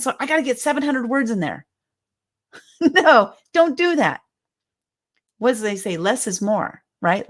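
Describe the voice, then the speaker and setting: A woman in her fifties giving an emphatic, heartfelt motivational talk as a speaker and coach, often repeating her phrases. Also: medium pitch. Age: 50s.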